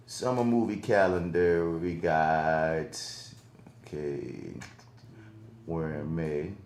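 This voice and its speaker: A man co-hosting a podcast, chatting casually about movies in an animated, slangy way. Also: rumbling low, slow, a little hiss or hum. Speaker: podcast co-host. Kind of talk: casual movie review chat. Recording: roomy echo.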